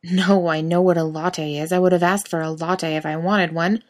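A woman's voice: on the low side, fairly even intonation, normal speed, close to an everyday voice. A woman voicing a rude demanding male customer. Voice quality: gruff, snapping.

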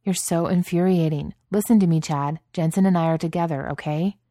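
A woman's voice: lowish voice, fairly even intonation, a little fast, warm tone, dry recording, studio quality, lightly acted. A woman voicing a bold, affectionate young man in a storybook reading, speaking firmly and insistently.

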